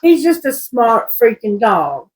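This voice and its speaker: A woman's voice: on the high side, big pitch swings, rough recording. A woman tarot reader reading scripture aloud and musing on it in a loose, rambling way, often restarting her sentences. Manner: slow, rambling, self-correcting. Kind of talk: casual spiritual reading.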